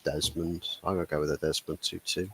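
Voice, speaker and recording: A man's voice: a bass voice, little pitch movement, fairly quick, vocal fry, noisy background. A man in casual football chat, hesitant with many fillers and laughing at himself. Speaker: football podcast panelist.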